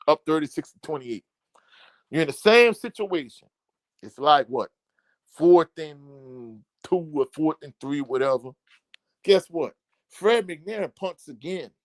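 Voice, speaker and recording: A man's voice: on the high side, no echo. A man giving a casual, blunt postgame reaction from home, exasperated and repeating himself. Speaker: sports channel host. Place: home, indoors.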